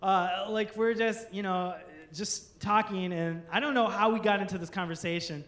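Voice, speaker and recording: A man's voice: high voice, fairly even intonation, normal speed, a bit bright, reverberant. A man in his thirties, a pastor, telling a funny personal story from a church stage as part of a sermon, laughing and acting out his friends' voices. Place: church stage before a congregation.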